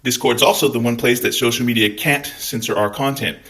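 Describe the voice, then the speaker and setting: Forceful Scottish man ranting. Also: medium pitch, fairly even intonation, brisk. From Scotland. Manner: blunt, heavy swearing, fired up. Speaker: channel host. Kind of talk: angry profane vlog rant.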